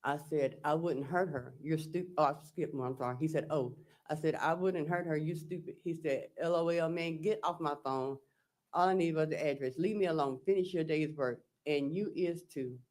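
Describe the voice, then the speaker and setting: Testifying as the defendant, this woman speaks in a low-pitched voice with a somewhat dark tone. She reads the text messages aloud in a slow, stop-and-start, plain way, repeating "I said" and "he said" for each exchange.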